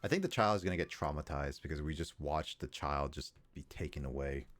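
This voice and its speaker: A man's voice: extremely low pitch, fairly quick, fairly bright tone, soft background music. A young man streaming a game, chatting casually and rambling with frequent restarts. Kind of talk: casual gameplay chat.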